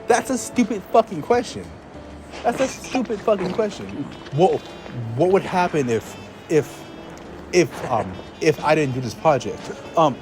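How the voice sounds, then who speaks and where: A young man telling a story in a casual vlog, exasperated and swearing, laughing between restarts. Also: high-pitched. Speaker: vlogger.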